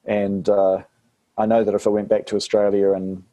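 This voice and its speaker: A man's voice: lowish voice, monotone, normal speed, dark tone. A man from New Zealand with a New Zealand accent, an actor chatting casually as an interview guest, rambling with fillers and restarts.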